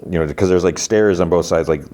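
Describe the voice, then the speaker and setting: A man's voice: low voice, fairly quick, dark tone. A man hosting a podcast, casually recapping an episode in a rambling way, full of fillers. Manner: rambling, filler-heavy retelling. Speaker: podcast host.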